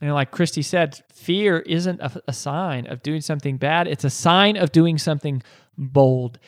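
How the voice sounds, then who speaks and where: A man's voice: fairly high pitch, a little slow, no room sound, clean studio sound. A man hosting a podcast, telling a motivational story with repeated phrases and rhetorical questions. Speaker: podcast host.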